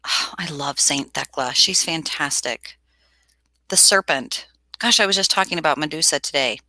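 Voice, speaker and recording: A woman's voice: low-pitched, normal speed, dry recording. A woman hosting a casual tarot livestream, chatting animatedly, laughing and reading viewers' comments aloud. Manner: animated, reads chat aloud, laughs often.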